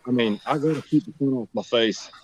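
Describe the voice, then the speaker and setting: A man's voice: mid-range voice, brisk, a little hiss or hum, rough recording. A man talking casually as a guest, laid-back, filling with "I mean" and "you know". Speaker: guest angler. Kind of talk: casual chat.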